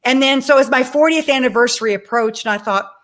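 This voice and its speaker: A woman in her sixties, a guest on an interview show, telling her own story in a lively way, acting out the dialogue and speaking directly to the audience. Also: sits high, fast. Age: 60s. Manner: animated, acts out dialogue in her stories. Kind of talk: personal storytelling.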